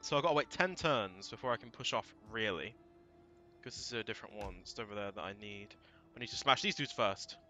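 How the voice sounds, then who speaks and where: A man thinking aloud through a strategy game, casual and prone to swearing and sudden shouts. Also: on the low side, expressive, a little fast, faint music behind. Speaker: let's play gamer. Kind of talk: casual gameplay commentary.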